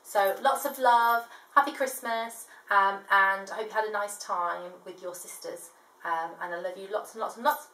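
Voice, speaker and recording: A woman reading a storybook aloud to a child, gentle, with chatty asides between pages. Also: mid-range voice, steady tone, moderate pace. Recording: echoey room, distant mic.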